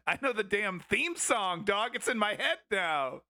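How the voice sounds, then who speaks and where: A man's voice: on the high side, animated, unhurried, pushed and bright. A man hosting a live news stream, chatting casually, laughing and rambling. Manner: laughing, rambling, self-mocking.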